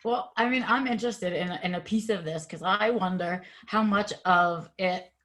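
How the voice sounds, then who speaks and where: A woman's voice: lowish voice, normal speed, a bit bright. A woman hosting a podcast interview, chatting casually in an eager, playful way. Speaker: podcast host.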